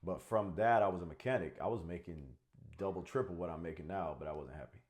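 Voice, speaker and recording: Man, Connecticut accent, low voice, joking comedy co-host who swears freely. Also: fast, darkish tone. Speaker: podcast co-host. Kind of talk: casual chat.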